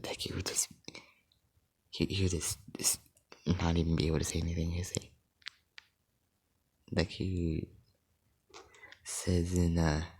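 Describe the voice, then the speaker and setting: A man's voice: low-pitched, level tone, a little slow, long pauses, darkish tone, slightly rough. A man narrating an improvised fan story in a rambling, self-correcting way, often dropping to a whisper.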